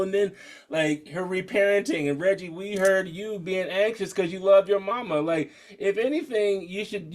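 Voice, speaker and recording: A man leads a mindfulness group over a video call, his voice sitting slightly high. He reflects enthusiastically on what others shared, then invites the next person to speak. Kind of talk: casual group facilitation.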